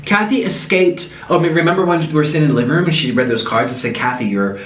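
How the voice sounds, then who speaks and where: A man hosting a mukbang, telling gossipy stories in an animated way. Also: on the high side, rapid-fire. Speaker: host. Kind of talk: casual storytelling during a mukbang. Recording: echoey room with faint noise.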